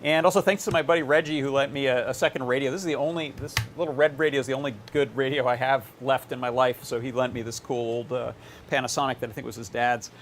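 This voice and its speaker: A man's voice: mid-range voice, fast, slight background noise. Man casually demoing gear on a livestream. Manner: relaxed, explains while tinkering, frequent "uh". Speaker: electronics workshop host. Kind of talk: casual live demo.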